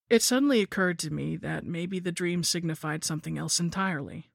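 A man narrates a first-person horror tale with wry asides. His voice sits a touch high for a man and carries a gravelly fry, recorded dry and close with no room sound. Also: brisk, few pauses, dry recording. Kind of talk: scripted horror story narration.

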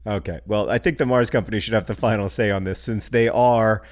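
A man's voice: lowish voice, steady tone, fairly quick. A middle-aged man with a Midwestern US accent co-hosting a podcast in casual, wry, joking chat, often restarting sentences. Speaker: podcast co-host.

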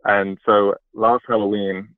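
A man from England calling into a podcast, talking in a soft-spoken, hesitant way with many pauses. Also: fairly low pitch, level tone, no room sound. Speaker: caller. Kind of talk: phone-in conversation. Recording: tinny phone line.

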